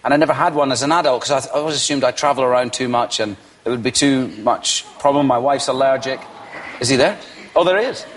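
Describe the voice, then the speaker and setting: A man's voice: medium pitch, fast talker, a bit bright, slight background noise. A Scottish man in his forties, chatting casually as a talk show guest, often restarting and trailing off. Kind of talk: casual chat.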